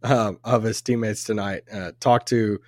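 Recorded live at an event venue, a podcast co-host tells a rambling story in casual chat, laughing often and restarting his sentences. His voice is on the low side, steady, measured and a little mellow. The sound is studio quality with no echo.

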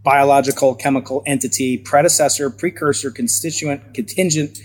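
A man hosting an interview, building long questions as he hunts for words and stacks one term on another. He talks in a relaxed, conversational way. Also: mid-range voice, moderate pace.

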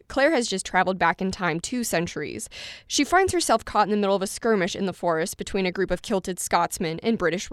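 A woman's voice: medium pitch, clean tone, no echo, clean studio sound. A woman radio reporter giving composed, scripted narration.

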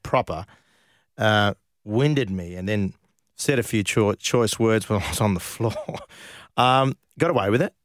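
A man's voice: fairly low pitch, lively intonation, unhurried, dry recording, studio quality. A man, a former footballer telling stories casually in an interview, often laughing as he goes. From Australia. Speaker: former professional footballer, guest.

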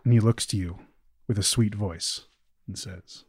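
A man runs a tabletop game, describing scenes in an unhurried, vivid way. His voice sits low with a husky grain and sounds dry and close. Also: a little mellow, no room sound. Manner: measured, descriptive storytelling. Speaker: game master.

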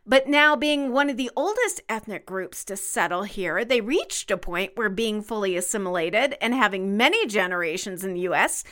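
A woman's voice: mid-range voice, expressive, moderate pace, few pauses, fairly bright tone. A woman co-hosting a podcast, chatting casually in a playful, emphatic way. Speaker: podcast co-host.

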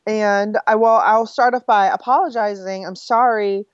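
A woman's voice: medium pitch, steady tone, normal speed, no echo. A woman co-hosting a podcast in casual chat, chatty and a bit scattered, reading listener mail aloud. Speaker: podcast co-host. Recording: slightly dull, dry podcast audio.

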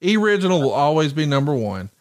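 A man's voice: on the high side, big pitch swings, fast. Man, Southern Alabama accent, middle-aged, enthusiastic, teasing, casual podcast chat. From Alabama, USA. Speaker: podcast co-host.

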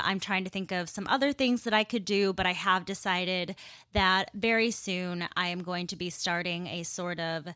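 Woman podcaster telling a story, animated and chatty, mid pitch, dead dry sound. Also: no room sound. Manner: chatty and animated, laughs as she talks. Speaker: podcast host.

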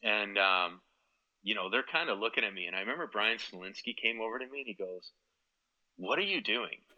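A man's voice: fairly low pitch, fast talker, pushed and bright, highs cut off. Man telling rambling hockey stories. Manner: rambling anecdotes, quoting others. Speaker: guest, former hockey player. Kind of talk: storytelling in a podcast interview.

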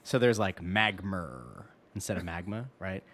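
A male podcast co-host, his voice swinging widely in pitch as he rants. He sounds mock-indignant and keeps the banter going in a casual chat. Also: brisk. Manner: animated, mock-indignant ranting.

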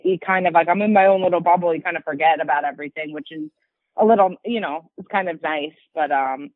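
A woman's voice: deep voice, quick pace, no room sound. A woman fighter chatting casually in an interview, rambling with lots of likes and you-knows. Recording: dry, tinny phone-like line.

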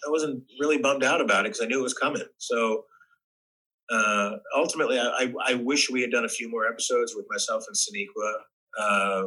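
Man, husky timbre, bright tone, lowish voice, animated casual storytelling. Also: poor audio. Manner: animated storyteller, many restarts, swears. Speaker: actor guest. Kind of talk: casual podcast chat.

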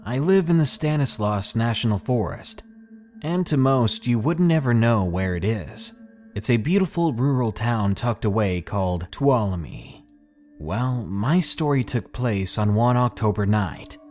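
A man reading a listener's true horror story aloud as a podcast narrator, with a measured, dramatic storytelling delivery. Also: mid-range voice, animated, darkish tone, soft background music.

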